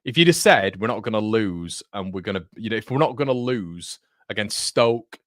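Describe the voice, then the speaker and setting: Chatty lower-voiced man. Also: lively intonation, moderate pace, dry recording, clean studio sound. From North East England. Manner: chatty, blokey, peppered with "mate" and "um". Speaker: fan channel host. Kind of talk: live watchalong commentary and chat.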